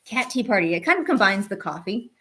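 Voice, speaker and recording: A woman's voice: medium pitch, big pitch swings, a little fast, pushed and bright. A woman chatting casually on a live stream as she draws at home, talking to her viewers. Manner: chatty, talks to her cats and chat. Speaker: art streamer. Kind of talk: casual live-stream chat while drawing.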